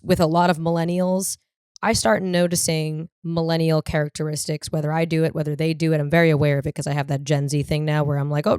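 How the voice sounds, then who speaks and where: This podcast host, a woman in her 30s from the US East Coast, rambles through a profane, comedic monologue, animatedly impersonating the people she quotes. Her voice is low-pitched and smooth, recorded in studio quality with no room sound.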